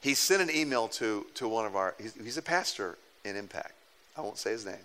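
A man's voice: fairly low pitch, fairly quick. A middle-aged man preaching a sermon, telling a story with humor and acting out the people in it. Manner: animated, self-mocking storyteller who acts out quoted people. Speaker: pastor.

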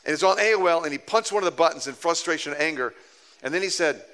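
A middle-aged pastor with a bright, forward voice and a slightly high pitch, preaching in a loose storytelling way. He jokes at his own expense and slips into the voices of the people in his anecdotes. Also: fast talker. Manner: animated, self-mocking storyteller who acts out quoted people. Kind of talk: storytelling sermon.

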